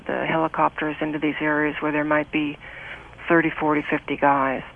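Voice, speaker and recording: A woman's voice: sits low, gravelly. An older woman from the United States, a guest recalling her past in an earnest, emotional way, speaking over a phone line. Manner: earnest and emotional, with many restarts. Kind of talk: interview, personal recollection.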